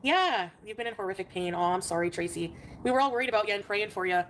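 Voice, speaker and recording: A woman's voice: mid-range voice, lively intonation, fast, fairly bright tone, slight background noise. A woman chatting casually on a livestream and greeting her viewers one by one by name. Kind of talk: casual live stream chat.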